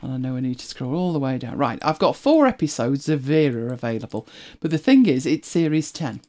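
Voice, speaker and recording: Lively, chatty host. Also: mid-range voice, brisk. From United Kingdom. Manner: chatty, rambling, self-correcting, laughs often. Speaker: livestream host. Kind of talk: casual chat to viewers.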